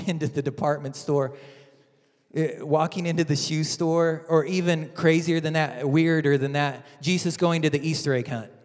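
A male pastor giving a sermon, telling stories in an animated way with frequent restarts. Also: fairly high pitch. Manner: animated storytelling with many restarts. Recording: reverberant church hall.

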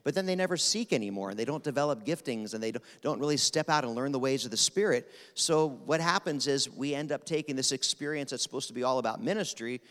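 Rapid-fire preacher in a reverberant hall. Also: male voice, medium pitch, a bit bright. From Pennsylvania. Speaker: guest preacher. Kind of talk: sermon. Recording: long reverb of a large hall.

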